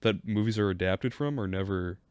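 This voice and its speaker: Young man, lower voice, laid-back podcast banter. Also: brisk, darkish tone, clean tone, no echo, studio quality. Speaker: podcast co-host. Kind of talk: casual film chat.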